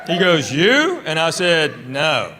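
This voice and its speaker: A male stand-up comedian telling stories in a deadpan way, acting out both sides of the back-and-forth dialogues. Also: fairly high pitch, normal speed, a crowd in the background, background noise. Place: comedy club stage. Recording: loud audience laughter.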